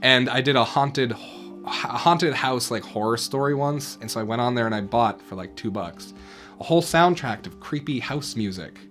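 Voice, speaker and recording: A man's voice: mid-range voice, normal speed, a bit bright, faint music behind. A man co-hosting a casual chat as a dungeon master, easygoing and laughing often.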